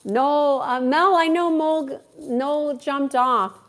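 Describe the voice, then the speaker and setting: Her voice is high-pitched and she takes her time as she hosts a live stream as a coach. Warm and conversational, she calls out viewers by name and answers their questions.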